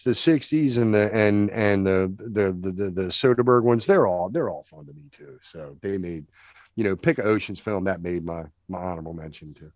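A man with a very deep voice co-hosts a podcast about films. He talks haltingly and stammers through many fillers. The recording is close and dry. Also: dry recording. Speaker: podcast co-host. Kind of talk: casual film discussion.

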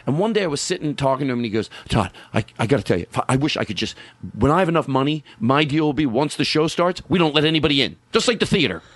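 A middle-aged comedian chatting casually and acting out quotes in an animated way, as host. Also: male voice, racing, no room sound. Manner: animated storyteller, acts out quotes with big pitch jumps. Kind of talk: casual conversation about comedy clubs.

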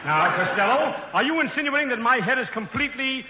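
A pompous, windy professor of elocution with a high, bright, sharp voice that swoops up and down. He rolls out grand, florid words. It is heard through an echoey, hissy old radio broadcast recording. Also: animated, brisk, highs cut off, heavily acted. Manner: pompous, booming, florid diction. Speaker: comic guest character. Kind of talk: 1940s radio comedy acting.

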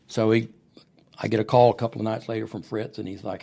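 In a podcast studio, a gravelly-voiced man tells stories as a guest; he's a wrestling booker and promoter. He speaks fast in a lowish register and brings quoted voices to life with animated impressions during the storytelling interview.

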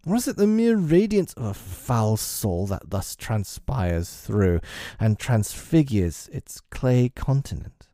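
A man's voice: lowish voice, sing-song, takes it slowly, mellow, no room sound, studio quality, pitched above the performer's own voice. A man reading aloud, voicing an earnest, proper middle-aged lawyer who asks pressing, polite questions. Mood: perplexed.

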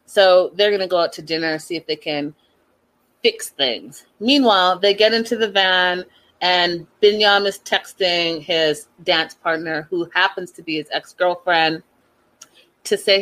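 A woman hosting a reality TV recap, giving sassy and animated opinions and repeating her points for emphasis. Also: on the low side, measured pace, poor audio. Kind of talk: casual opinionated commentary.

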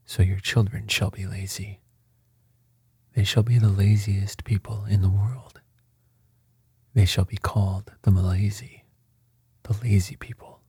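A stern, powerful old magician speaks in a measured hush that slips into whisper, as a man reading a storybook puts him on. His tone is low, dark and very husky. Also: little pitch movement, no room sound, clean studio sound, full character voice. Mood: mocking. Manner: quiet, measured, often whispered. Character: old, mighty male magician, stern and teasing.

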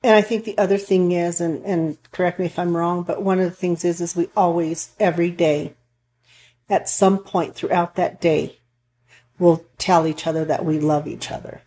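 A woman's voice: on the low side, steady tone, moderate pace, warm tone, a little hiss or hum. A woman counselor talking earnestly in a casual chat, rambling a bit with restarts as she tells stories. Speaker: counselor for couples and families.

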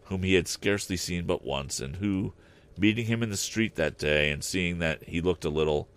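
A man narrating a classic story aloud in an expressive, deliberate reading style. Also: sits low, clean tone. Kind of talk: audiobook narration.

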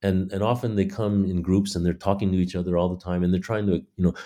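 Deep-voiced man telling animated stories. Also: a little fast. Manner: animated storyteller, acts out quoted voices. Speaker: playwright guest. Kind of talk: conversational interview.

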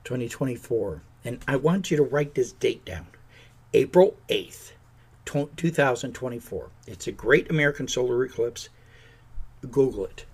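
Gravelly, indignant man ranting. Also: mid-range voice, animated, normal speed. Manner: indignant, sarcastic, mocks politicians in put-on voices. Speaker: podcast host. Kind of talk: opinionated political rant.

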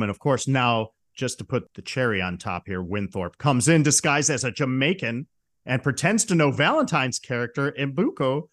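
Male podcast host retelling a movie plot, relaxed and amused, average pitch. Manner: chatty, amused retelling with brief quoted impressions. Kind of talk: casual film recap.

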